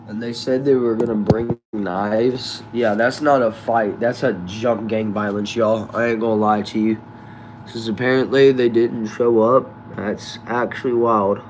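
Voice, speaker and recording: Laid-back low-voiced man chatting casually. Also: steady tone, a little slow, darkish tone, slight background noise. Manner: laid-back slangy talk, addresses viewers as y'all and bro. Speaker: streamer reading chat. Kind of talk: casual live chat.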